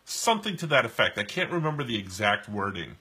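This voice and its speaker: A man's voice: lowish voice, very animated, fast, bright, forceful tone, breathy edge. A man from New York co-hosting a live stream, chatting casually and telling rambling stories with many restarts while he draws. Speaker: co-host and artist drawing live. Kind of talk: casual chat while drawing.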